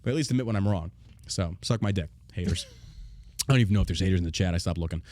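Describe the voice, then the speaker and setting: A man's voice: deep voice, animated, rapid-fire, a little mellow, dry recording. A man hosting a show, ranting bluntly and profanely in a casual, heated way. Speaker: show host. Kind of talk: casual political rant.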